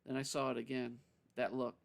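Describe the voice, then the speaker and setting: A man reading a story aloud on a live stream, unhurried, with frequent self-corrections. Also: mid-range voice, little pitch movement, creaky.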